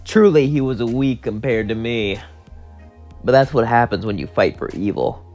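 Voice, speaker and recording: A man's voice: medium pitch, moderate pace, darkish tone, soft background music. A man casually narrating a fan story in a plain, rambling way.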